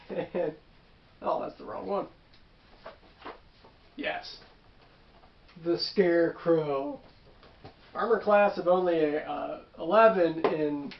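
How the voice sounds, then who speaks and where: A man's voice: a little high, roomy sound, dull audio, a little hiss or hum. A man casually recounting a tabletop game session as its game master, rambling with asides and self-corrections. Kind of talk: casual storytelling.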